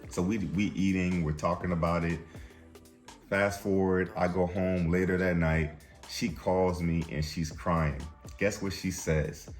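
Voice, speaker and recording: A man's voice: deep voice, fairly even intonation, normal speed, faint music behind. A young man hosting a vlog, telling a story casually and acting out what people said, now and then laughing at his own story. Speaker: vlog host.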